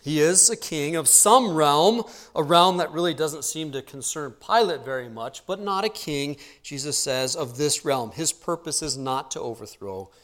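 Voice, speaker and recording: Man teaching Scripture, fairly high voice. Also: animated, moderate pace, few pauses, a bit bright. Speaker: preacher. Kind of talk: expository Bible teaching.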